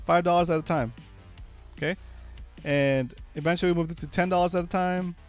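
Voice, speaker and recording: Animated man, higher voice. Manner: animated, keeps asking "right?". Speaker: host. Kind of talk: casual livestream chat.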